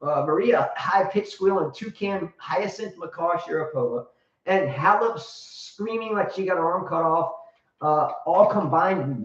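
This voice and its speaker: A man's voice: on the high side, unhurried, a bit bright. A man hosting a casual live show, rambling, joking and blunt, with crude humor. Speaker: show host and tennis coach. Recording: roomy, distant, dull sound.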